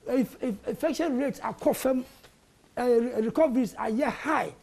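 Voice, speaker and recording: Panelist, raspy with gravelly edges, argumentative and insistent. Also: mid-range voice, normal speed, a little mellow. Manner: argumentative, mixing Twi and English. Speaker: panel guest. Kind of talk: heated political debate. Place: television studio.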